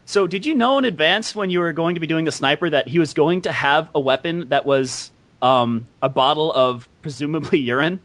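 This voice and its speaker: A man's voice: fairly high pitch, brisk, hardly any pauses, fairly bright tone. A man interviewing a voice actor, asking playful questions and laughing along. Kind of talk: casual interview.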